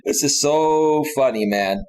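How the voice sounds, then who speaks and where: A man hosting a live stream, laughing a lot as he reads chat and loudly thanks donors. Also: mid-range voice. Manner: slow, drawn-out delivery with loud outbursts.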